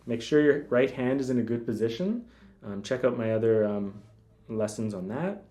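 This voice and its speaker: A man giving a casual spoken guitar lesson, talking in a relaxed way between demonstrations, with guitar playing heard behind him. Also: medium pitch, moderate pace. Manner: relaxed, talks while demonstrating, counts fingerings aloud. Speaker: guitar teacher. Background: guitar music.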